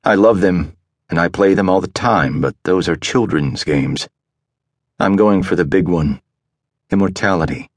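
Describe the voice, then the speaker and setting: A calm, commanding tycoon, as a narrator plays him, speaking quietly in a very low, deep voice. Each line comes out soft and unhurried. The sound is dry and close. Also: male voice, breathy edge, no echo. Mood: calm, arrogant. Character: rich powerful man, calm and commanding.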